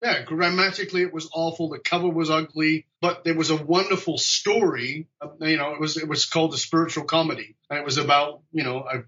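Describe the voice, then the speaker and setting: A man with a fairly high, bright voice chats as a podcast guest, animated and joking. He tells stories in a relaxed, conversational way. The sound is lo-fi, as it comes through a video call. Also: fairly quick, few pauses. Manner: animated, jokey, acts out quoted dialogue. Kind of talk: conversational storytelling.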